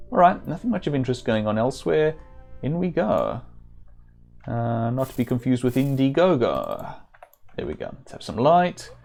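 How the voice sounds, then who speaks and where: A man's voice: mid-range voice, vocal fry, darkish tone. A man giving chatty, casual commentary while streaming a game, with self-deprecating asides.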